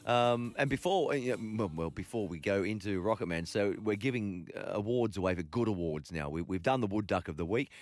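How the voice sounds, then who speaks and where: A laid-back Australian man hosts late-night sports radio from the studio, rambling along with plenty of ums and uhs. His voice is on the low side and a little quick, with few pauses. The recording is dry, with soft music underneath.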